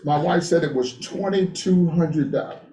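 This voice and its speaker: Animated man leading a men's group. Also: fairly high pitch, normal speed, echoey room, a little hiss or hum. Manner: animated storyteller, call-and-response with the room. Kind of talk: motivational group talk.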